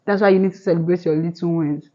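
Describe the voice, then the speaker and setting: Talking fast to camera, a young woman vlogger in her twenties delivers earnest motivational advice in a casual, rambling way full of restarts. Her voice is fairly low, steady and mellow, and the sound is lo-fi.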